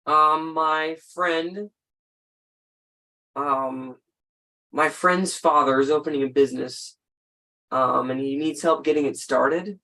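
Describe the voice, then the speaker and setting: A teenage young man from Canada, speaking on a video call in a hesitant, halting way with many fillers. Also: fairly high pitch, steady tone, bright, forceful tone. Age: teens. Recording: distant mic on a video call.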